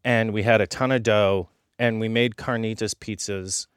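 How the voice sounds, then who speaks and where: A man's voice: lowish voice, fairly even intonation, normal speed, clean tone, dry recording. A middle-aged man, a chef guest in a radio studio, explaining his cooking with confidence and often checking in with "right?". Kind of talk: cooking demo chat.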